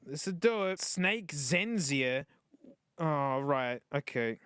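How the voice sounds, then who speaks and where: An Australian man unboxing and testing old-style phones in casual, excitable commentary, wry and laughing often. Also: on the high side, takes it slowly, clean tone, dry recording. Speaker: streamer reviewing phones.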